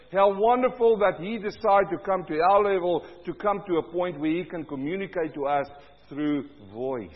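A man preaching a sermon as pastor, loud and booming, his voice swelling as he reads scripture. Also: normal speed. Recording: dull, lo-fi sound with long hall reverb.

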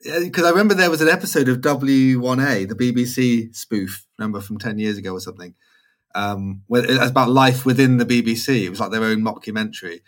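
A man co-hosting a podcast in casual chat, talking in an animated way with lots of "like"s. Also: medium pitch, fast. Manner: animated, chatty, many "like"s, laughs easily. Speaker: podcast co-host.

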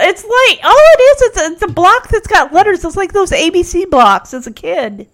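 A woman's voice: big pitch swings, moderate pace, a bit bright. A woman giving casual, opinionated commentary while reacting to a TV episode. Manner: chatty, opinionated, drifting pitch with mimicry.

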